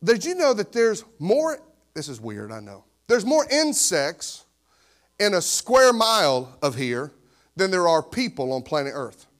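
This high-pitched pastor, a man in his fifties, delivers his sermon at an unhurried pace. He keeps it animated and conversational while posing rhetorical question after rhetorical question.

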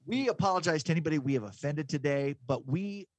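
A middle-aged man co-hosting a podcast, teasing his partner and giving earnest thanks and shout-outs. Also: on the high side, quick pace. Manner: teasing, heartfelt sign-offs. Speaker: podcast co-host. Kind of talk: casual podcast banter.

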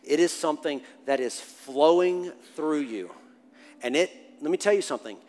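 A man in his forties preaching a sermon and telling a family story, animated, swinging from hushed to loud and laughing. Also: on the high side, normal speed. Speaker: pastor. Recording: long hall reverb with faint music.

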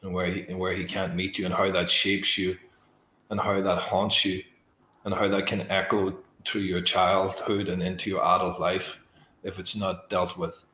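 A male host, speaking slowly and softly as he reflects emotionally on what his guest shared. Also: low voice, flat delivery, roomy sound, slight background noise. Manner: slow, soft and emotionally reflective. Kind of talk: reflective interview talk.

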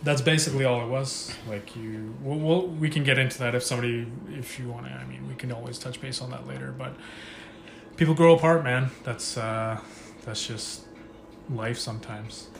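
A man's voice: medium pitch, fairly even intonation, moderate pace, vocal fry, slight background noise. A man talking as a podcast guest, easygoing and a little hesitant. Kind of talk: casual chat.

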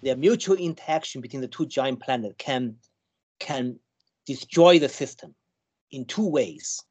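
Halting man explaining with many restarts. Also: mid-range voice, animated, darkish tone, breathy edge. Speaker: scientist guest. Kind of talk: conversational explanation.

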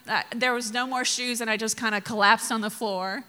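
A woman's voice: on the high side, steady tone, normal speed, few pauses, bright, forceful tone, in a large hall. A woman pastor from Mississippi preaching a sermon, telling funny stories with laughs and sudden emphatic bursts.

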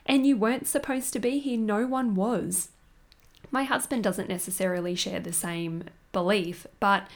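Woman telling a personal story. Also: medium pitch. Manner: candid, emotional, laughing often. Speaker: podcast host.

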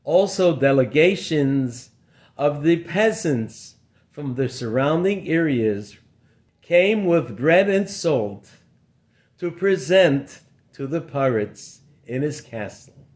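A man, a rabbi, telling a traditional story in a slow, expressive way. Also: a little high. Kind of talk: storytelling narration.

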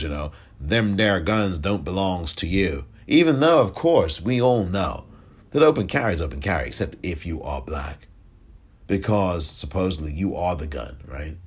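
A man hosting a podcast, delivering a sarcastic, animated political commentary monologue and repeating phrases for effect. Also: sits low, breathy edge. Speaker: podcast host. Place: lives in California.

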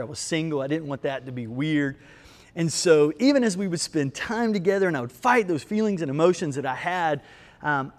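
A middle-aged man, a pastor, preaching a sermon and telling stories, with slow emphatic lines broken by quick asides. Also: on the high side. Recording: long hall reverb.

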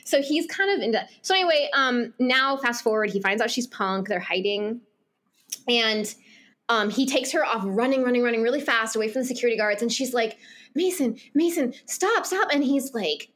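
A woman with a slightly high voice talks through a book plot in loose, casual podcast chat. She rambles with plenty of fillers and slips into quick acted lines of dialogue as she goes. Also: a bit bright. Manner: rambling, filler-heavy, acts out character lines. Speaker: podcast co-host.

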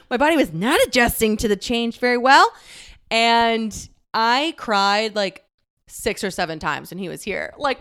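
A woman's voice: fairly high pitch, fairly bright tone, clean tone. A young woman telling a personal story, candid and emotional, laughing often and close to tears.

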